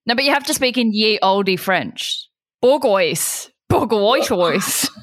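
A young woman hosting a podcast with a lively, bouncing voice. She teases her co-host and giggles often. The sound is close and dry. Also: medium pitch, slow, no echo. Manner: animated, giggly, teasing. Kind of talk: casual chat.

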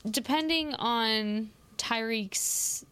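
A woman's voice: fairly high pitch, very slow, a bit bright, clean tone. A woman co-hosting a sports podcast, playful and jokey, thinking aloud as she chats casually.

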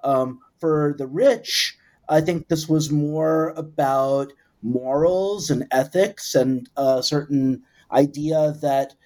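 A man with a mellow, warm voice answers an interview question. He gives historical background in a measured, reflective way, pausing to think between points. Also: a little high. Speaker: guest expert.

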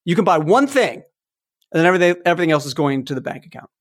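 A man in his fifties hosting a podcast, telling childhood stories in a casual, animated way. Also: a little high, very fast. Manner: animated storytelling, acts out toy sounds. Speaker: podcast host. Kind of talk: casual chat.

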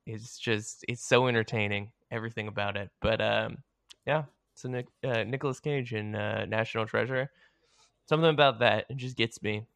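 A man's voice: lowish voice, fairly even intonation, moderate pace, gravelly, fairly bright tone, dry recording, clean studio sound. A man co-hosting a casual podcast, swearing often and delivering blunt hot takes. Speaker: podcast co-host.

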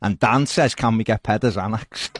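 A man's voice: on the low side, normal speed. A man co-hosting a casual podcast, reading out viewer comments with jokey banter. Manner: jokey, animated, swings into mock voices.

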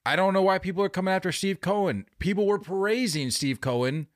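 A man co-hosting a sports podcast, chatting casually with animated, opinionated banter. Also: sits high, a little fast, dry recording, clean studio sound. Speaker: podcast co-host. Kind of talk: casual chat.

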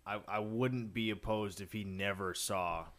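A man's voice: fairly low pitch, fairly even intonation, unhurried, fairly bright tone. A young man co-hosting a sports podcast, opinionated and blunt, often restarting his sentences. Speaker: podcast co-host. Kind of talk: casual chat.

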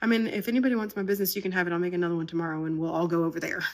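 A woman's voice: on the low side, steady tone, very fast. Woman, late thirties, chatty, upbeat, casual podcast talk. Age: 30s. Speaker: podcast host and business owner. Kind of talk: casual chat.

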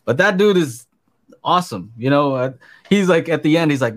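A man's voice: a little high, animated, moderate pace, fairly bright tone. A man co-hosting a podcast, chatting casually and rambling earnestly about meeting someone who shares his interests. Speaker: podcast co-host. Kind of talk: casual chat on a live stream.

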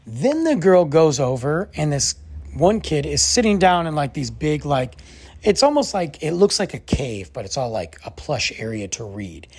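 A man's voice: fairly high pitch, very animated, moderate pace, a little mellow, breathy edge. A young adult man, a podcast host telling a story in a casual, exasperated way and acting out the others' lines.

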